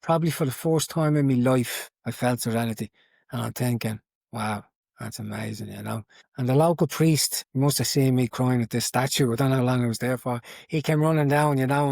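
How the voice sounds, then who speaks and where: A man's voice: medium pitch, darkish tone, dry recording, studio quality. A man sharing his conversion story in an interview, earnest and repetitive, in a casual telling way. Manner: earnest storytelling with many repeats. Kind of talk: casual testimony.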